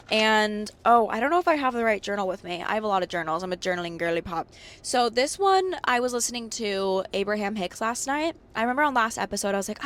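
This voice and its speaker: A young adult woman hosting her own podcast in a bubbly, slangy, rambling chat. Her voice is a little hoarse and cracks from a cold. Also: fast, fairly bright tone. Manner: bubbly, slangy and rambling, swinging pitch up and down for emphasis. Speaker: podcast host. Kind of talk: casual solo podcast chat.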